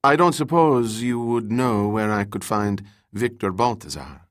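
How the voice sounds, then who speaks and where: A man voicing a poised, gracious young woman in an audiobook, speaking softly. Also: fairly low pitch, measured pace, dry recording, clean studio sound, lightly acted. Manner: soft, gracious.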